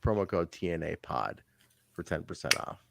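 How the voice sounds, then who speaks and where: A man co-hosting a casual podcast chat, animated, swearing and laughing often. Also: deep voice, normal speed, vocal fry, slight background noise. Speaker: podcast co-host. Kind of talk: casual chat reviewing wrestling.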